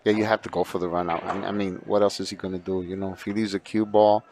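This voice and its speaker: A man's voice: deep voice, flat delivery, fast talker, darkish tone, slight background noise. A man giving explanatory color commentary on a billiards match, breaking down shots.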